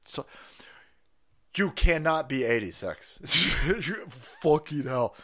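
Male stream host, profane mocking rants, bright animated voice with big pitch swings. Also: slow. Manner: profane, mocking, laughing asides. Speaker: livestream host. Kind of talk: ranting political commentary.

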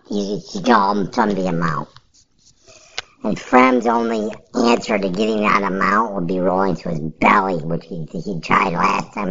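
A woman's voice: very deep voice, gravelly, a bit bright, slightly rough, muffled recording. A woman podcast host giving casual, rambling fantasy sports picks in a blunt, offhand way, with some profanity.

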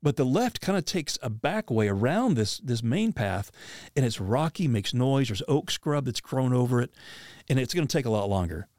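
A man telling a personal hunting story in a casual, animated way, often restarting and acting out quotes. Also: mid-range voice, moderate pace, dry recording, clean studio sound.

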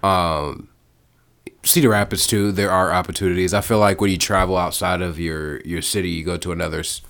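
A young man from Iowa, guesting on a casual podcast, with a low voice. He talks haltingly, repeats his words and often trails off quietly. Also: steady tone, creaky. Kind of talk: casual chat.

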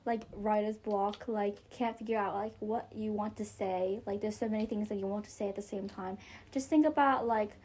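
A teenage girl with a mid-pitched voice co-hosts a casual chat show. She rambles loosely, packs her sentences with fillers and laughs as she tells stories. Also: fairly even intonation, moderate pace, darkish tone, a little hiss or hum. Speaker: podcast co-host.

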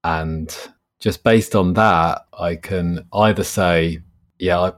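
Author guest, lowish voice, relaxed and explanatory. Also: male voice, slow pace. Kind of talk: casual conversational interview.

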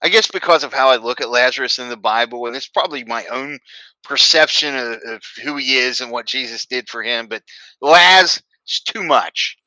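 A man's voice: mid-range voice, moderate pace, pushed and bright, no echo, poor audio. A man co-hosting a podcast in casual chat, teasing his partner and laughing often. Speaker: podcast co-host.

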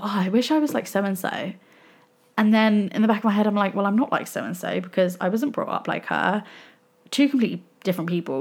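A young woman from England, talking through a casual solo podcast in a rambling, self-reflective way. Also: medium pitch. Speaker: podcast host.

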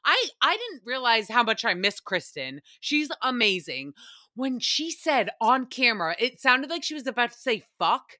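A young woman hosts her podcast in a loose, chatty recap style, cursing freely and laughing often. Her voice is bright and slightly high. The sound is dry and close, with no room around it. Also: sing-song, normal speed, no room sound. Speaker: podcast host. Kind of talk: casual TV recap chat.

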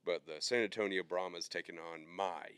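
Deep-voiced man talking sports bets. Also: normal speed, fairly bright tone, clean tone, no echo. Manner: loose, rambling, lots of fillers. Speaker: podcast co-host. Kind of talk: casual sports betting chat.

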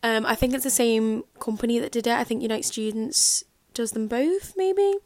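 A woman's voice: on the high side, normal speed, a little mellow, no echo, studio quality. A young woman with a Scouse accent, rambling in a casual podcast chat full of fillers. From Liverpool area. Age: young adult. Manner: rambling, filler-heavy, chatty. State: dry throat. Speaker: podcast host.

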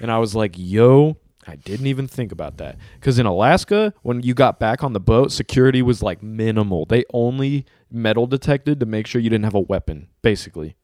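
A man's voice: mid-range voice, animated, fairly quick, few pauses, a little mellow, dry recording. A young man hosting a casual podcast chat, telling a long story in a loose, slangy way with a lot of swearing. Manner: laid-back storytelling with heavy slang and swearing. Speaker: podcast host.

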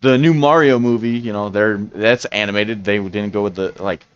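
A man's voice: lowish voice, steady tone, normal speed, clear, resonant tone, no echo, lo-fi sound. A man co-hosting a podcast, talking casually and rambling with frequent restarts and fillers. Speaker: podcast co-host. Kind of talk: casual chat.

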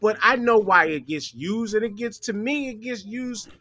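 Bright, high-voiced man arguing football. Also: animated, moderate pace, dry recording. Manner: opinionated, profane, explains at length. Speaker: podcast guest. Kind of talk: casual sports chat.

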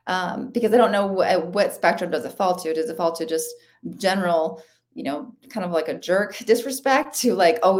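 A woman's voice: fairly low pitch, darkish tone. Chatty woman runner, lots of fillers. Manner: chatty, many "like" fillers, laughs often. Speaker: interview guest, ultra runner. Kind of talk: casual conversational interview.

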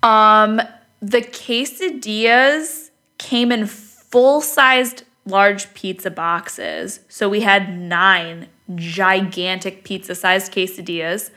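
A young woman co-hosting a casual podcast chat, telling an animated story and swearing freely. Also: mid-range voice, slow. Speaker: podcast co-host.

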